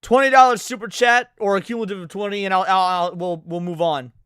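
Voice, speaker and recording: Brash, bright-voiced male streamer. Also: sits high, fairly even intonation, fast talker, smooth, no room sound, clean studio sound. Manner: brash, profane, emphatic. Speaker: streamer reacting to clips. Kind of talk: casual live-stream commentary.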